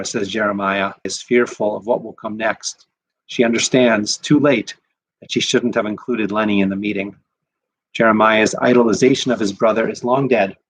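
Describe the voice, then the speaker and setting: A rabbi reading a short story aloud in a measured, expressive way. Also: male voice, lowish voice, slightly rough, poor audio. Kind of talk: scripted narration of a short story.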